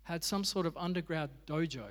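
A man's voice: a little high, brisk, in a large hall. An Australian man preaching a sermon as pastor, telling stories with humor and animation. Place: church.

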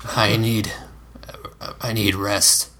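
Man voicing a young male knight, shy, flustered, stammering, husky, storybook reading. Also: mid-range voice, expressive, sharp tone. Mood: strained. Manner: slow, halting, stammering.

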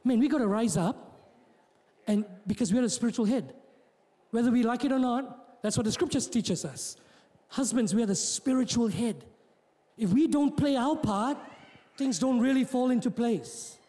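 High-voiced preaching pastor, man. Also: moderate pace. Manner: preaching with joking asides, rising to shouts; repeats and restarts words. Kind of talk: sermon. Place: church hall. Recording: long hall reverb.

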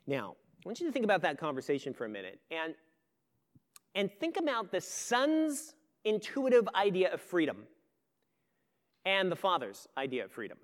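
A man's voice: sits high, huge pitch swings, normal speed. A man, a pastor, giving a sermon in a conversational, storytelling way.

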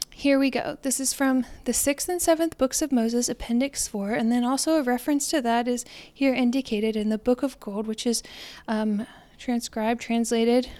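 Soft-spoken woman with a high voice. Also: no echo. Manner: soft, slows down and trails off into near-whispers on repeated phrases; earnest, meditative. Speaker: spiritual podcaster. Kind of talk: reflective spiritual talk.

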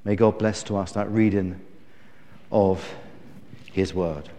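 A man's voice: sits low, fairly even intonation, takes it slowly, dark tone, long reverb tail, slight background noise. A middle-aged man preaching a sermon, telling stories with emphasis and small restarts. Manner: storytelling, emphatic, self-correcting.

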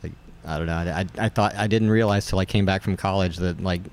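A man's voice: low-pitched, steady tone, quick pace. A middle-aged man telling stories in casual conversation, rambling with many fillers and restarts. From West Virginia. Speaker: brewer and guest.

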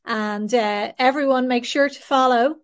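A woman's voice: fairly high pitch, unhurried. A woman hosting an interview, talking casually with many fillers. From Ireland. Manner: hesitant, fills with um and you know. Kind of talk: conversational interview.

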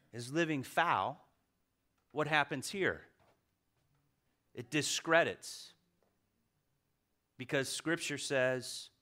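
A middle-aged pastor preaching a sermon, asking the congregation questions and swinging between loud and hushed delivery. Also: male voice, mid-range voice.

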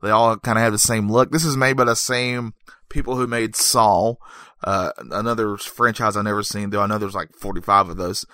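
A man's voice: lowish voice, steady tone, fairly quick, bright, forceful tone, dry recording. Male movie reviewer, casual joking delivery with self-corrections, dry close sound. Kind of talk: casual comedic monologue.

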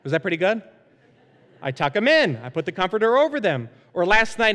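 A man in his thirties, a pastor preaching a sermon into a microphone, animated and playful as he acts out family stories. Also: sits high, brisk. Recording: long hall reverb.

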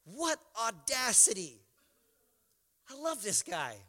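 A male pastor preaching a sermon, moving from quiet storytelling to impassioned, near-shouted exhortation. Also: high-pitched, big pitch swings, slow. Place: church sanctuary. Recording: church hall reverb.

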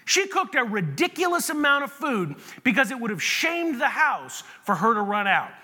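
A man preaching a sermon as pastor, telling stories in an animated way and often restarting his sentences. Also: extremely high pitch, normal speed. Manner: animated storytelling with repeated restarts. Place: church sanctuary. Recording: long reverb of a large hall.

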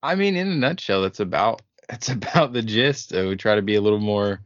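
A man's voice: on the low side, expressive, brisk, no echo. A man being interviewed as a podcast guest, talking in a laid-back, rambling way full of fillers. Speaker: podcast guest, show creator. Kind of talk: casual podcast chat. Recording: dull lo-fi audio.

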